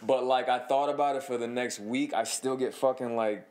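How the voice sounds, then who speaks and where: A man's voice: mid-range voice, moderate pace. A man in his thirties, a podcast guest, telling stories in casual chat, swearing freely and acting out other people's voices. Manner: profane, animated storyteller who acts out other people.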